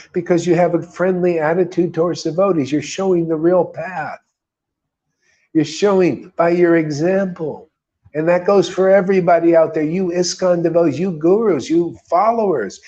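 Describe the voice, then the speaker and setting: A man's voice: fairly high pitch, darkish tone, muffled recording. A man leading a devotional group, giving an informal spiritual talk full of emphatic repetition and rhetorical questions.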